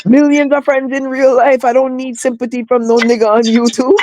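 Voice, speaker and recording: A young woman, chatting casually and telling a story with lively acted-out quotes. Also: high-pitched, a little fast, noisy background. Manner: animated storytelling, acts out quotes. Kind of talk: casual chat.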